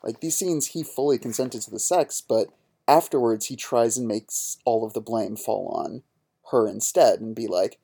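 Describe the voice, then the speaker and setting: A man's voice: mid-range voice, moderate pace, warm tone, slightly rough. A man co-hosting a podcast, ranting in a heated, profane, casual way. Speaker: podcast co-host.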